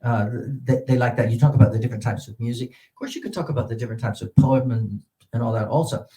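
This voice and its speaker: A man's voice: medium pitch, fairly even intonation, fast, warm tone, rough recording. A middle-aged man giving a presentation to teachers, explaining pronunciation with many fillers and repeated example words. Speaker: teacher trainer.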